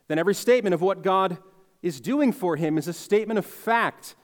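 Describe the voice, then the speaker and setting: Earnest high-voiced man preaching in a hall. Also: fairly quick. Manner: earnest, emphatic on key words, reflective. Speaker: pastor. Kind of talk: sermon.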